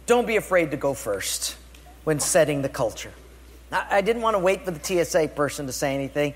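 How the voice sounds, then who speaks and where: A man's voice: a little high, brisk, husky, in a large hall. A male pastor giving a sermon, telling stories with emphatic repetition. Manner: animated storytelling with emphatic repetition.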